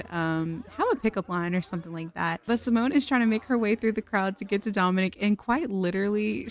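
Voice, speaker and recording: A woman hosting a video, chatting her way through a life-simulation game with giggly asides and apologies to her viewers. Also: on the low side. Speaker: gaming video host. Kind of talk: casual let's play narration.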